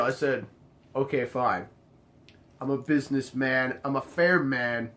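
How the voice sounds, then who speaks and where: A young man casually telling a bartending story, acting out each exchange with sudden jumps up in his voice. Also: measured pace. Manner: animated, acts out the dialogue, jumps high in pitch when quoting others.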